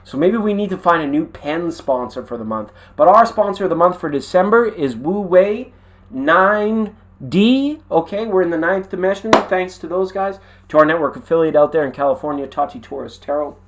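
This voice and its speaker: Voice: mid-range voice, expressive, moderate pace, slight background noise. A tarot reader hosting a live stream, talking in a chatty, rambling way with slangy asides. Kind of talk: casual live tarot reading.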